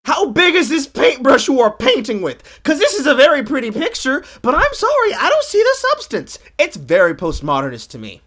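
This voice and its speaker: Animated, sarcastic woman stream host. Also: high voice, a little fast, hardly any pauses. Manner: animated, sarcastic rant with voices. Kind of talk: profane comedic commentary.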